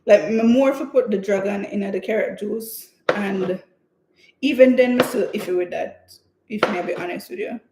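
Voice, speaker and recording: Here a mid-range female voice at a moderate pace belongs to a home cook vlogger baking on a live stream. She chats casually and laughs through rambling stories, in an echoey kitchen with faint background noise.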